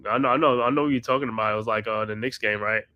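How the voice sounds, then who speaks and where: A man's voice: on the low side, steady tone, rapid-fire, sharp tone, clear, resonant tone, no room sound, dull audio. A man hosting a live watch-party podcast, doing casual play-by-play with slangy chat and laughs. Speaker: podcast host calling the game.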